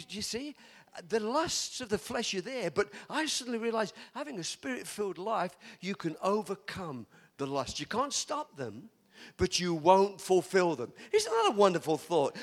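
Give me an older preacher, high-pitched and lively, telling stories with a teasing chuckle. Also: male voice. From England. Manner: chatty storytelling, laughs often, teasing. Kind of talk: sermon.

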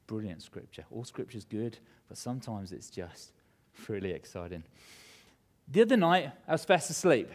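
A man preaching a sermon, reading scripture and telling a self-mocking story with animated humor. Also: fairly low pitch, normal speed. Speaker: pastor.

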